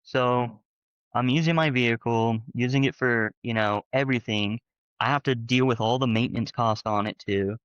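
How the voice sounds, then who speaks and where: A man sharing his experiences in casual conversational storytelling, rambling and animated with lots of fillers. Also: mid-range voice, moderate pace, clean tone, no echo, muffled recording. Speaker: panel guest, former church member.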